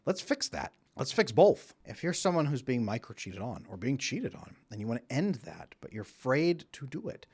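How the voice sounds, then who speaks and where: Male relationship coach, mid-pitched, animated delivery, direct advice to camera. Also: moderate pace, few pauses, breathy edge. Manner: animated, acts out quoted voices.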